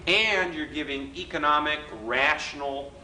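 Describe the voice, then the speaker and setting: A man's voice: on the high side, unhurried. Wisecracking man lecturing in an echoey hall. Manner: wisecracking, animated storyteller with quips and mimicry. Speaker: workshop speaker. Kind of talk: live workshop lecture. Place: hotel function room. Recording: roomy hall recording with faint background noise.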